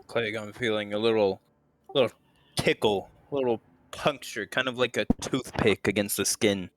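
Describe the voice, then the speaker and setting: A man playing a tabletop game, calmly declaring his character's actions. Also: lowish voice, normal speed, dry recording. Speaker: player.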